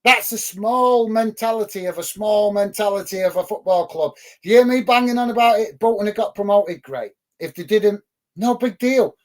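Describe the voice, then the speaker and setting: A man's voice: sits high, moderate pace. A middle-aged man from England hosting a live football watch-along, reading out viewer comments in a chatty, emphatic way, full of ums and uhs. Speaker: football channel host.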